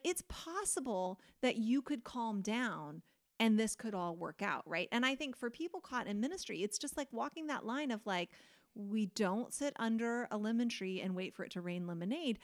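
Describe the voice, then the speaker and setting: A middle-aged woman pastor in casual podcast conversation, talking earnestly and candidly with many fillers. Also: fairly high pitch.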